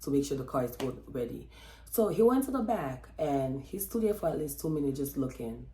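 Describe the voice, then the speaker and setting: A woman vlogger telling a personal story in a chatty, expressive way, with lots of fillers and acted-out quotes. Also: extremely low pitch, brisk, reverberant, a little hiss or hum. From Texas. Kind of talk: casual storytelling vlog.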